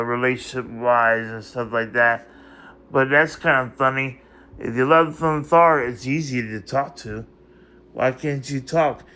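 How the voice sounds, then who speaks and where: A man's voice: mid-range voice, a bit bright, clean tone. A man in an unscripted vlog monologue, rambling and emotional as he confronts someone who is not there, circling back to the same phrases again and again.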